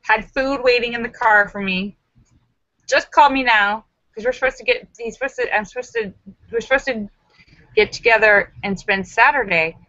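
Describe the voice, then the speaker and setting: A woman's voice: a little high, moderate pace, pushed and bright, dry recording, muffled recording. A woman hosting a casual live stream, chatting and telling jokes, laughing often and acting out quoted voices.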